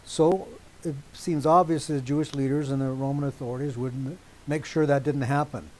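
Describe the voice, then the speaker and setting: A man preaching a teaching sermon to a congregation, deliberate and emphatic, stopping often to check that his listeners agree. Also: mid-range voice, steady tone, darkish tone, rough recording.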